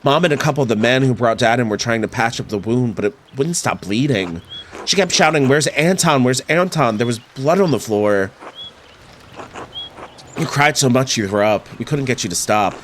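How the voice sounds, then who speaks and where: A man reading the lines of a caring adult daughter, gentle and lightly chiding. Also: mid-range voice, animated, moderate pace, a little hiss or hum, natural voice. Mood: sad.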